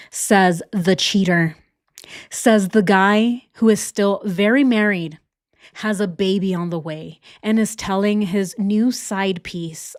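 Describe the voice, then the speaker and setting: A woman hosting a casual reaction commentary, indignant and full of rhetorical questions. She circles back and repeats her points. Her middle-pitched voice sounds dry and close. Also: measured pace, a little mellow, no room sound. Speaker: reaction channel host.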